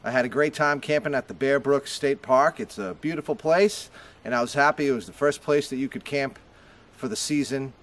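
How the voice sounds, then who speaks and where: A man's voice: mid-range voice, brisk, a bit bright. A young man with a Boston accent, vlogging casually outdoors at a campground and archery range, chatty and joking with his viewers. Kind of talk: casual vlog to camera.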